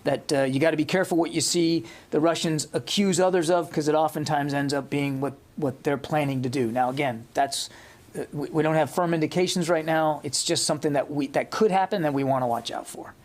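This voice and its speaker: A man answering reporters' questions at a press briefing, measured and careful, with frequent hesitations and restarts. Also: on the high side, steady tone. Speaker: press secretary. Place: briefing room.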